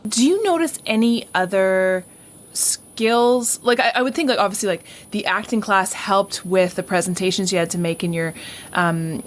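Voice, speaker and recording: A woman's voice: medium pitch, moderate pace, slight background noise. A woman hosting an interview, asking casual, loosely worded questions. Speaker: interviewer host.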